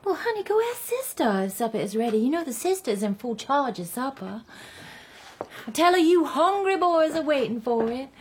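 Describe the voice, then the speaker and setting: A woman's voice: high voice, very animated, moderate pace, darkish tone, a little hiss or hum. An actress playing a faded, chatty Southern belle mother in middle age, with a Southern accent and a genteel, rambling manner. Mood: gushing. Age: middle-aged. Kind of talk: stage drama acting.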